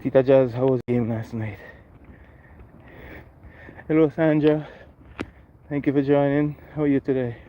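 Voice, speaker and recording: A man's voice: medium pitch, steady tone, moderate pace, long pauses, narrow, tinny audio, slight background noise. A man hosting a casual live walking vlog on a residential street, chatting with viewers and greeting them by name. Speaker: livestream host.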